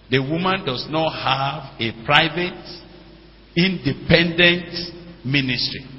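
A middle-aged man, preaching a sermon as pastor and putting questions to the congregation. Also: mid-range voice. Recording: dull lo-fi church hall with long reverb.

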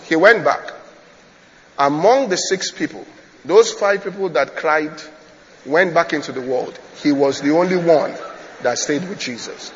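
High-voiced male pastor preaching in a hall. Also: measured pace, highs cut off. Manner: storytelling preacher, repeats phrases, checks the congregation. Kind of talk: sermon.

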